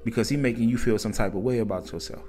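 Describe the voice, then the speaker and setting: A man voicing a big, confident, well-off man who talks in a calm, smooth, reassuring way. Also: lowish voice, fast, faint music behind, close to an everyday voice.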